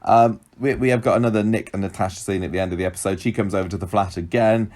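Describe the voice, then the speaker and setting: A man's voice: fairly low pitch, fairly even intonation, fast, a little mellow. A man co-hosting a podcast, recapping a soap in casual chat and acting out the characters' lines. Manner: chatty, acts out characters' lines with laughs. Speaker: podcast co-host.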